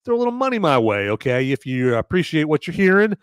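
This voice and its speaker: A man's voice: a little high, big pitch swings, fast, clear, resonant tone, dry recording, clean studio sound. A man hosting a live-stream podcast as he reviews a movie, talking casually and rambling, often repeating words and tagging "okay?" onto his points. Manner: thanks viewers by name for donations.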